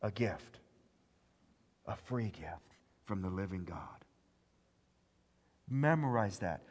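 Slow, deliberate preacher in a reverberant hall. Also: male voice, lively intonation, husky. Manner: wide swings from hushed low lines to loud emphatic ones; slow, deliberate delivery with drawn-out scripture quotes. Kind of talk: sermon.

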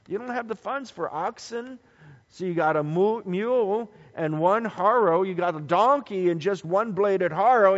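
Storytelling pastor in a reverberant hall. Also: male voice, high-pitched. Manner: storytelling, building emphasis through repetition. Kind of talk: sermon. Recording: dull lo-fi recording with long hall reverb.

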